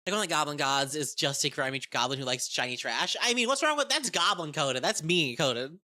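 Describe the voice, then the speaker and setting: A woman chatting excitedly about a tabletop game, profane and rambling, often restarting her sentences. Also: low voice, brisk. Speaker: game content creator. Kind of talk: casual tabletop game review.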